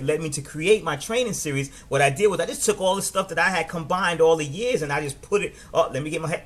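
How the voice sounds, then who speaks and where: A middle-aged man with a New York accent, giving a casual, animated business training talk and often restarting his words. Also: on the high side. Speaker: network marketing trainer.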